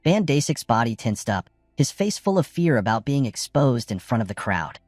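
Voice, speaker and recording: Lively male recap narrator. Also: moderate pace, no echo, studio quality, soft background music. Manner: lively, jumps pitch for quoted lines.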